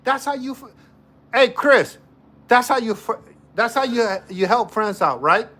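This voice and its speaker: High, lively man telling a story. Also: measured pace. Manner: animated, joking, repeats himself. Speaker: livestream host. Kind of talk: casual storytelling to a live chat.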